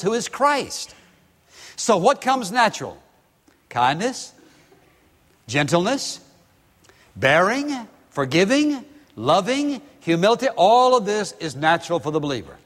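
A man preaching a sermon as pastor, stressing his points with repeated, listed words. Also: high-pitched. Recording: long hall reverb.

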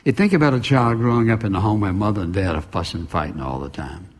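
A man's voice: fairly low pitch, animated, fast talker. A man preaching a sermon, emphatic and full of rhetorical questions and repeated phrases. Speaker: pastor.

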